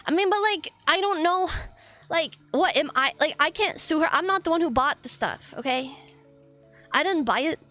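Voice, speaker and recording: A woman's voice: high-pitched, animated, moderate pace, bright, forceful tone, faint music behind. A woman streamer venting in a casual, frustrated rant, swearing often and rambling with lots of fillers.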